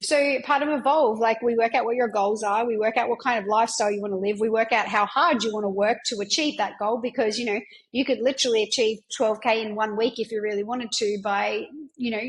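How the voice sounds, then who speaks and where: A woman's voice: a little high, steady tone, a little fast, low-quality recording. A woman, hosting a podcast as a business mentor, talking in an enthusiastic, chatty way and often checking in with "right?". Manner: enthusiastic, chatty, frequent tag questions. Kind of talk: casual monologue.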